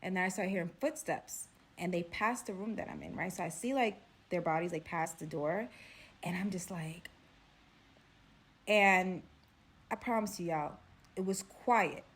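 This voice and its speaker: Animated young Brooklyn woman. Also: on the low side, a little slow. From Brooklyn, New York. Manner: animated, drops to hushed tones for suspense. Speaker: storyteller. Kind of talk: casual storytime.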